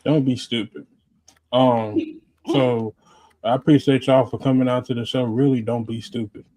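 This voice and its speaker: A man's voice: medium pitch, steady tone, moderate pace, dark tone, no room sound, low-quality recording. A man co-hosting a casual livestream, laid-back and hesitant, with many "um"s. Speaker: podcast co-host.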